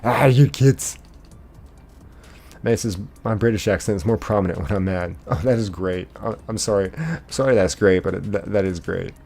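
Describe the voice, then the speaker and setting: A man's voice: deep voice, fairly even intonation, a little fast, creaky, few pauses, a little mellow. An American man hosting a livestream, reading out viewer comments and answering them in a rambling, casual way with many fillers. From United States. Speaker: livestream host.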